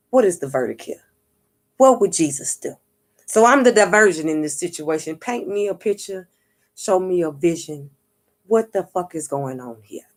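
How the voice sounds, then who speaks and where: A woman vlogger and spiritual reader telling a story in a casual monologue, cursing freely, acting out what others said and checking in with her viewers. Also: medium pitch. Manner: profane, street-talking, keeps asking "you get what I'm saying"; animated, acts out what others said.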